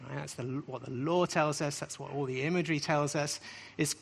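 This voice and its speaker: Speaking briskly in a somewhat high, gravelly voice with fairly even intonation, a man delivers a sermon-like scripture lesson to a live audience. He hammers home key phrases through repetition and tends to close points with a rising question.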